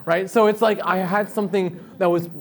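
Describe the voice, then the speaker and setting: The young man here is a dancer and speaker with a high-pitched voice, talking a little fast as he tells personal stories casually. Animated throughout, he tags lines with "right?" and voices the people he quotes in a raised tone.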